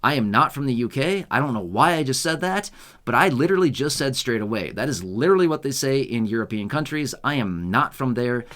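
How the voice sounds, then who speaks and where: An American man of middle pitch hosts his own unedited video. He rambles, laughs at his own slips and pokes fun at himself. His talk is loose and chatty, like an unscripted upload. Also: expressive, brisk, fairly bright tone. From United States. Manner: rambling, self-mocking, laughs often. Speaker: YouTube host. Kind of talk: casual unscripted vlog.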